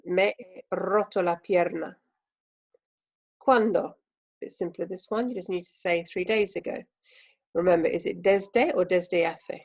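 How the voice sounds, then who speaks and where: English woman teaching with a gravelly edge. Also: fairly low pitch, darkish tone, low-quality recording. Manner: patient, clear explanations with frequent ums. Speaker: language teacher. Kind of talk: recorded remote lesson.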